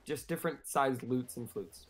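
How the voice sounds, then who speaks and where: A man's voice: mid-range voice, soft background music. A man narrating an improvised tabletop game as game master, rambling with many fillers. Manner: rambling, filler-heavy, fast.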